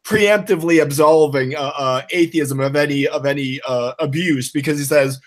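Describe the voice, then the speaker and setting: A man's voice: medium pitch, steady tone, normal speed, hardly any pauses. A man in a casual podcast discussion, hesitant and analytical, with many filler sounds.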